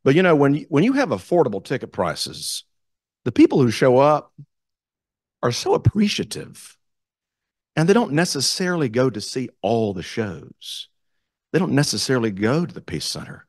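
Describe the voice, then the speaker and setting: A man with a Southern US accent, a community theater director telling animated stories as a guest speaker at a club meeting. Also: on the low side, no room sound, clean studio sound. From South Carolina, US. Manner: animated, enthusiastic storyteller. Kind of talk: storytelling talk to a club.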